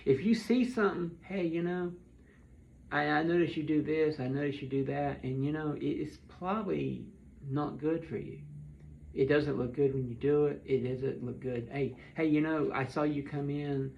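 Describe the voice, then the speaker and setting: A man's voice: a little high, fairly even intonation, normal speed, creaky, a little hiss or hum. Man pleading earnestly on a dull lo-fi recording. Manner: pleading and heartfelt, repeats words. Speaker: vlogger. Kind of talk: earnest direct-to-camera monologue. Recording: dull lo-fi sound.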